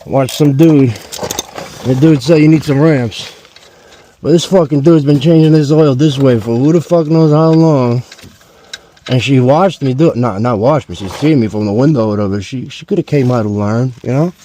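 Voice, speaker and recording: A man's voice: medium pitch, moderate pace, a little hiss or hum. A man in his forties tells a joking, profane story while he changes a car's oil outdoors at home. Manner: profane, joking, rambling and animated. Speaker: DIY car vlogger. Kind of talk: casual storytelling while working on a car.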